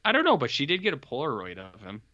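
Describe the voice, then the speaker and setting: A man co-hosting a podcast, casually retelling a horror film in a rambling, animated way. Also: mid-range voice, fast talker, no room sound, dull audio. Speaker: podcast co-host reviewing horror films. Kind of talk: casual chat.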